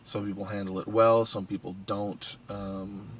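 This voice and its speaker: A man with a fairly low voice talks to camera in a loose, rambling morning vlog. He is tired and keeps yawning, and his thoughts wander through ums and restarts. He records on a handheld device, with faint ambient noise behind him. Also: level tone, a little slow. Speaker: vlogger. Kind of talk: casual morning vlog chat. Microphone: iPod Touch camera.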